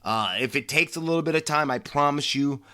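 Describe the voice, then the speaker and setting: American guy rambling on his podcast, bright forceful voice, lots of restarts. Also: fairly high pitch, fairly quick, clean tone. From United States. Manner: animated, rambling, with restarts and brash flair. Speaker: podcast host. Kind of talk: casual solo sports podcast.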